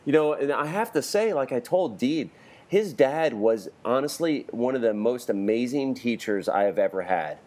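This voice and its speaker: Lively man telling anecdotes. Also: a little fast. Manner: lively anecdotes, jumps higher to act out quotes. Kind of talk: casual podcast chat.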